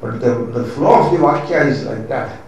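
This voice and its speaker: A man's voice: mid-range voice, normal speed, darkish tone. Echoey, far-off Indian man lecturing. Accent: Indian English. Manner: emphatic, repeats key points, mixes in Sanskrit terms. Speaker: swami teaching scripture. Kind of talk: spiritual lecture on scripture. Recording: very echoey room, mic far off, faint noise.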